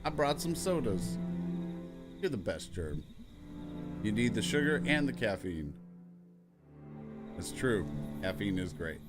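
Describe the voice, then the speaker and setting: Low-voiced man reading game dialogue. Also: sing-song, slow, long pauses, loud music behind the voice. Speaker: let's play host.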